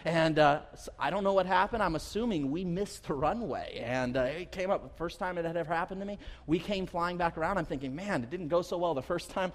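Animated pastor preaching in a reverberant sanctuary. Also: male voice, a little high, a little fast. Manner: animated storyteller, addresses the congregation directly, repeats words. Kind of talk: sermon with personal travel stories. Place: church sanctuary. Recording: long hall reverb.

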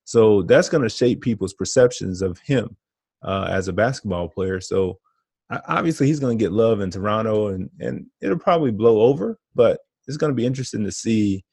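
Gravelly laid-back man chatting. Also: lowish voice, lively intonation, normal speed, a little mellow, dry recording. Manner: laid-back slangy, laughs often. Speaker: podcast co-host. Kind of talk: casual chat.

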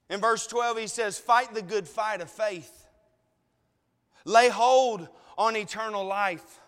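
A male preacher with a high voice, delivering a slow, deliberate sermon. He sounds tearful and emotional, and he pleads with his listeners through repeated questions. His voice rings with the long reverb of a hall. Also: fairly bright tone, smooth.

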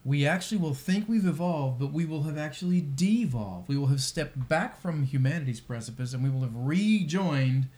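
A man's voice: on the high side, lively intonation, normal speed, hardly any pauses, darkish tone. Man podcast cohost, chatty and wry, lots of restarts. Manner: thoughtful, wry, with many restarts. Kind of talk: casual discussion of apologetics.

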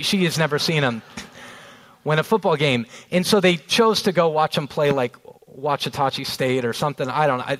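A man in his thirties preaching a sermon, telling a family story and slowing down on key phrases. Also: a little high, a bit bright. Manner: storytelling with rising emphasis, slows on key phrases. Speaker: pastor.

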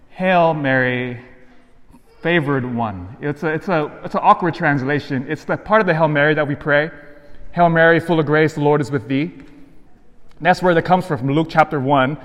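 A Catholic priest delivers a sermon in a somewhat high voice. He tells a personal story earnestly and acts out each side of the conversation. His words ring out with the long reverb of a church.

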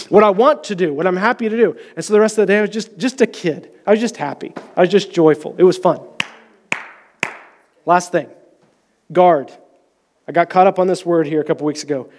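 A man preaching a sermon, animated and storytelling, acting out quotes in sudden higher voices and slowing down gently to pray. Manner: slows down and softens in prayer.

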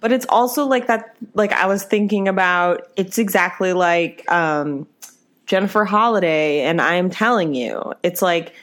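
A woman with a somewhat low voice co-hosting a casual theatre podcast. She is easygoing and agreeable. She keeps the talk going with quick affirmations and light laughter. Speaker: podcast co-host. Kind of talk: casual chat about musical theatre.

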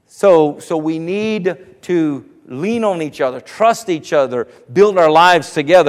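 A man preaching a lively sermon in a church. His voice sits high for a man, and it rings with a long hall reverb. He jokes with the people in the pews and builds up to shouts. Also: unhurried, hardly any pauses. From South Carolina. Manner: animated, jokes with the congregation, rises to shouts. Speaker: pastor. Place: church sanctuary.

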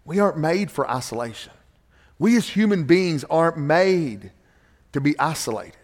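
A middle-aged male pastor delivers an emphatic sermon, circling back to repeat his key phrases. His voice sits somewhat high for a man. The sound carries a long reverb from a large church auditorium. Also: lively intonation, moderate pace.

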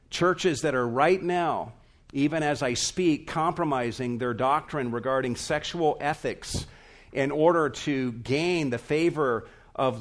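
Earnest man preaching an emphatic sermon. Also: mid-range voice. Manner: earnest, emphatic preaching with drawn-out stressed words. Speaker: pastor.

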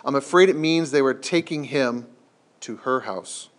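A man's voice: medium pitch, a little slow, lightly acted. A man voicing a talkative, gloomy male beaver while reading a storybook aloud.

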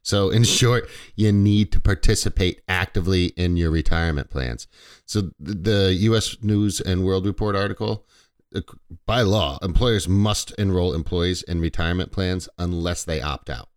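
A man hosting a financial radio show, slightly stuffy, explaining retirement investing in a relaxed way with fillers and small self-corrections. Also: low voice, normal speed, clean tone. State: a little stuffy. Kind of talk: conversational radio talk.

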